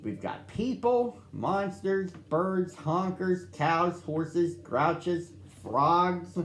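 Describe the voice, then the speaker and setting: Brief: man playing a cheerful storybook neighbor woman, raised lively voice. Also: a little high, moderate pace, echoey room, slight background noise. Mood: proud. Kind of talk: storybook reading.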